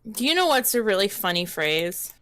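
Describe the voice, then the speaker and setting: A woman chats while gaming on a home stream, tipsy and rambling with giggles breaking through. Her voice is bright and forward. The sound is dry and close. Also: medium pitch, big pitch swings, moderate pace, dry recording. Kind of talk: casual chat while gaming.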